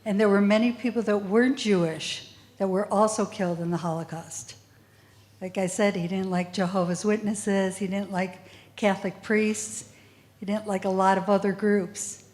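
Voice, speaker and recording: A woman's voice: medium pitch, steady tone, moderate pace, darkish tone. Middle-aged woman, guest speaker, earnest and emotional, answering students' questions at an assembly. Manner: emotional, tearful at times, earnest. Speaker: guest speaker, child of a Holocaust survivor. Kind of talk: school assembly Q&A.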